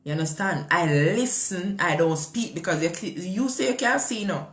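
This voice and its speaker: On a morning show, a woman with a Jamaican accent chats casually in a fairly low voice at a normal speed, and the sound is roomy. She speaks passionately, firing off rhetorical questions and blending patois with English.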